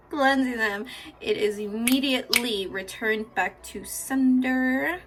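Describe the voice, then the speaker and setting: A young woman doing a casual tarot reading, swinging from hushed prayers to loud, laughing, swearing outbursts. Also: on the high side, slow pace, over music. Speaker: tarot reader.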